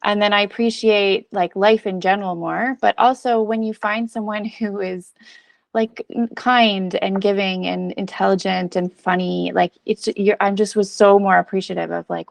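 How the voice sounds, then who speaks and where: Woman with a gravelly edge. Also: mid-range voice, fairly even intonation, moderate pace, no echo. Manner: earnest, rambling with frequent fillers and laughs. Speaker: guest. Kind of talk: casual conversation.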